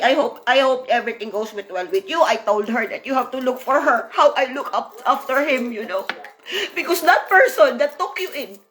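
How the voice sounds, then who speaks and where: High-voiced woman venting emotionally. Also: a bit bright. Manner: emotional, repeats herself, frequent "you know". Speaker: former apprentice. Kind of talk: emotional personal vlog monologue.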